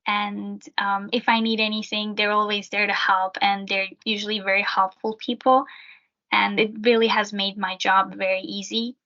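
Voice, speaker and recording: A woman's voice: medium pitch, level tone, moderate pace, bright, forceful tone. A young woman who works as a student peer helper, answering interview questions in a chatty way with a lot of fillers. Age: young adult. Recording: dull lo-fi sound.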